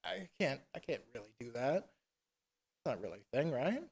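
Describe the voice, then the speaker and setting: A man's voice: mid-range voice, big pitch swings, normal speed, gravelly, darkish tone, in a large hall. A man voicing a desperate young queen who speaks hesitantly and pleads. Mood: pleading.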